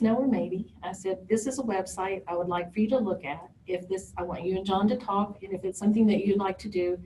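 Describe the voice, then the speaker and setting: A woman speaks candidly and emotionally, telling her own story with vivid, dramatic asides. Her voice sits in an ordinary middle pitch. She is recorded from some distance from the microphone, with a faint hiss underneath. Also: dark tone. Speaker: parent sharing a recovery story. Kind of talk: personal testimony talk. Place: event talk room. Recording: distant mic with faint background noise.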